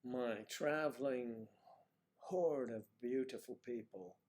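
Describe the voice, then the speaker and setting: Man, livestream host, casual chat, jokey, quiet whispered asides, mid pitch. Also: slow. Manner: chatty and joking, drops into quiet, half-whispered asides. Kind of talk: casual chat reading viewer comments.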